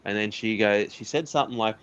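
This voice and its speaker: Australian man, interview guest, candid and earnest, lowish voice, muffled lo-fi sound. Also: fairly quick, a bit bright, smooth. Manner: candid, earnest storytelling with laughs. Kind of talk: casual interview chat.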